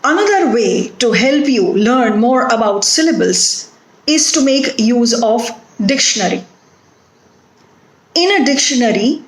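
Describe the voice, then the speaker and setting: A woman with an Indian English accent giving a phonetics lecture, speaking deliberately and repeating words to model their stress. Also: on the high side, reverberant, rough recording.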